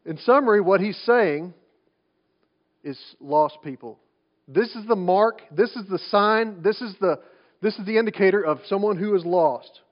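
Male pastor, high voice, conversational sermon full of rhetorical questions; muffled lo-fi recording. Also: normal speed. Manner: conversational preaching with rhetorical questions and repeated restarts. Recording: dull lo-fi sound.

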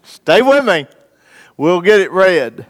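Very animated and high-pitched, this preacher reads from scripture and puts questions to his congregation in a folksy manner, leaning on dramatic pauses.

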